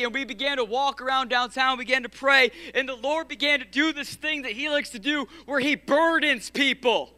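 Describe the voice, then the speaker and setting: A man in his thirties preaching an impassioned sermon, swinging from loud urgency to hushed, near-whispered passages. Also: very high-pitched, normal speed, hardly any pauses, smooth. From Michigan. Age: 30s. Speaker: pastor.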